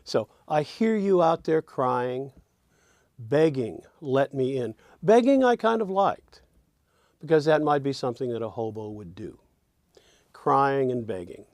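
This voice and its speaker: A man's voice: mid-range voice, a little mellow, dry recording, clean studio sound. A man teaching songwriting in a reflective lecture, often sounding out rhythms with sung syllables.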